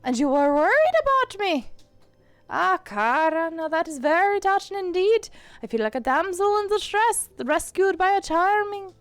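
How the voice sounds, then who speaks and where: A woman voicing a cheeky, hard-drinking male Irish cat in a put-on Irish accent, playful and loud. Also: extremely high pitch, animated, normal speed, no room sound, voice pushed up. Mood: teasing.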